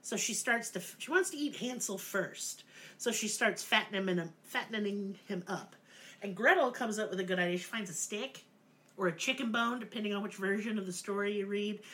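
A woman's voice: mid-range voice, moderate pace, a bit bright. A middle-aged woman hosting a podcast, telling a fairy tale in a crude, sarcastic, comic way. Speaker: podcast host. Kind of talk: profane comedic storytelling.

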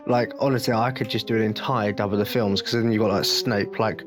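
A man's voice: on the low side, fairly even intonation, a little fast, hardly any pauses, over music. A man with an English accent, hosting a podcast in a blunt, jokey rant with free swearing. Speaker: podcast host. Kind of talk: casual rant.

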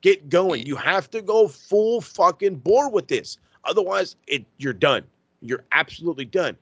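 A man's voice: high voice, animated, unhurried, a bit bright, husky, no echo, highs cut off. A man hosting a casual wrestling podcast, ranting in a fired-up way and swearing constantly. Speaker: podcast host.

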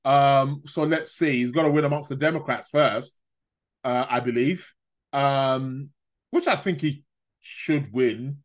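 A man's voice: medium pitch, a little slow. A man hosting a casual live stream, rambling, stammering through restarts and chuckling at his own remarks. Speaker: astrology live-stream host.

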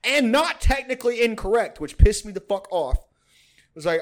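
Young man, podcast host, casual storytelling, rambling, swears a lot, laughs often, higher voice. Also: sing-song, normal speed.

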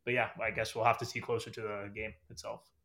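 A man's voice: fairly low pitch, little pitch movement, fast talker, fairly bright tone. A man chatting casually as a podcast guest, hedging often with fillers and "I think". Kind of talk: casual chat.

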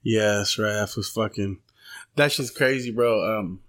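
A man's voice: fairly low pitch, unhurried, fairly bright tone, dry recording, studio quality. A man co-hosting a podcast in loose, profane casual chat. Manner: loose, profane, retells comedy bits. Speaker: podcast co-host.

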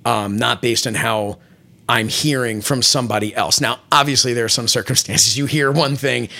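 A man talks through long anecdotes in a relaxed interview, circling back with fillers and restarts. His voice has a gravelly edge and a bright, forward tone. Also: mid-range voice, moderate pace. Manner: rambling, many restarts and fillers, animated retelling. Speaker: wrestling interviewer and programming director. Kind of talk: casual interview storytelling.

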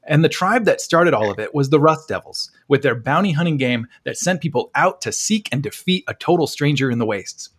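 A podcast host setting up a guest's story in a relaxed, casual way. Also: male voice, a little high, brisk, hardly any pauses, slightly rough. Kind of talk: casual chat.

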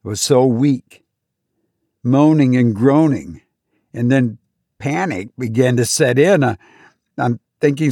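A man hosting a podcast, telling a personal story to his listeners in a halting way, often repeating words and rising in pitch when he acts out his panic. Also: mellow, no echo, studio quality. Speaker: podcast host.

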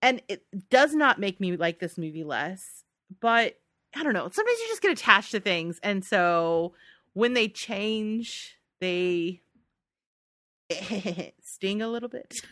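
Woman co-host, animated and rambling, laughs a lot, bright tone, dry sound. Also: medium pitch, slow, no room sound. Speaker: podcast co-host. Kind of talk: casual chat.

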